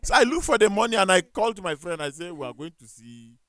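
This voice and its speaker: A man with a Nigerian accent, speaking as a talk show panelist. He tells animated stories, acts out the dialogue, and corrects himself as he goes. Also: high-pitched, fast. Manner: animated storytelling with quoted dialogue and self-corrections. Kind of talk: casual studio discussion.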